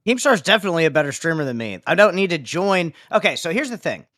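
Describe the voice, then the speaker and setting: A man with a bright, animated voice speaks bluntly and profanely on a live stream. His pitch rises and falls a lot as he makes his point. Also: fast. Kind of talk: livestream talk.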